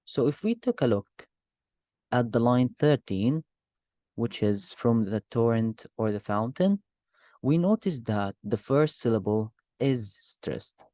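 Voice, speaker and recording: Young guy w/ doing a class presentation, slow and kinda hesitant, dry close sound. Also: mid-range voice, animated, mellow, dry recording. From Gaza. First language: Arabic. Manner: hesitant, with repeated words and fillers. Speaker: university student presenting. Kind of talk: class presentation with poem reading.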